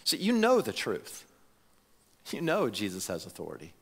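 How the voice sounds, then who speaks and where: A man preaching a conversational sermon as pastor, animated, with frequent restarts and repeated words. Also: lowish voice, moderate pace, breathy edge. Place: church sanctuary. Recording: reverberant church hall.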